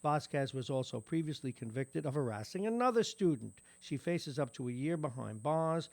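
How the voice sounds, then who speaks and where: A man's voice: fairly high pitch, animated, moderate pace, creaky, no echo. A man with a New York accent hosting a morning radio show, reading local news with wry asides. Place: radio studio.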